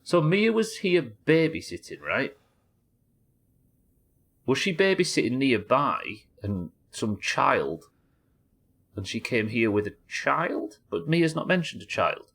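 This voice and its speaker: A man's voice: mid-range voice, very animated, slow, creaky, a bit bright. A British man commenting on a horror game as he plays it live, musing aloud, reading notes and chatting with viewers. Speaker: streamer.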